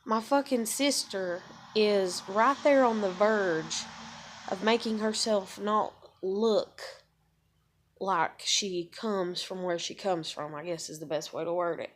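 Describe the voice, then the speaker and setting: A woman's voice: mid-range voice, slow, slight background noise. A woman in her thirties venting in a rambling, profane monologue from a room at home. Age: 30s. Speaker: vlogger.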